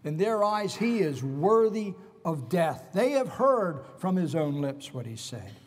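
A man's voice: high-pitched, big pitch swings, a little slow, big-room sound. A man preaching an expository sermon, retelling scripture with dramatic, emphatic storytelling.

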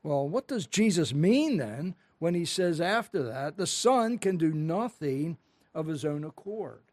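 A man's voice: fairly high pitch, big pitch swings, a little slow, darkish tone. A man preaching a sermon, earnestly and emphatically explaining a scripture passage to his congregation. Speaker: pastor.

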